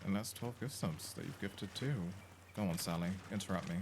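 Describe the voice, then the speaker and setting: A man's voice: low-pitched, brisk, vocal fry, noisy background. A British man streaming a cozy game, chatting casually and swearing freely while talking to his viewers and his pet. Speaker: livestreamer. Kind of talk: casual chat while gaming.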